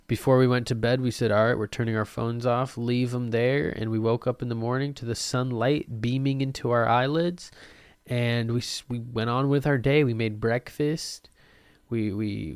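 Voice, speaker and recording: A young man hosting a solo podcast from his desk at home, rambling and joking at his own expense, with sudden loud bursts and mumbled asides. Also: medium pitch, no room sound. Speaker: podcast host.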